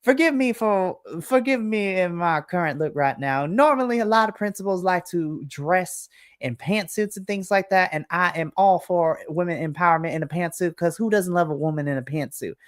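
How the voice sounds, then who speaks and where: A woman's voice: lowish voice, normal speed, no echo, studio quality, close to an everyday voice. A woman voicing a preppy, petite Southern school principal who gushes and calls everyone honey and darling. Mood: sugary gushing. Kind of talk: tabletop role-play voice.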